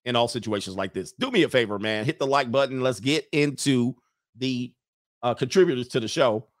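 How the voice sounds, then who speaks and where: On his reaction commentary show, this male host speaks at a brisk clip and a medium pitch, driving his message home through emphatic, preachy repetition. The audio is dry and close-miked, free of any echo.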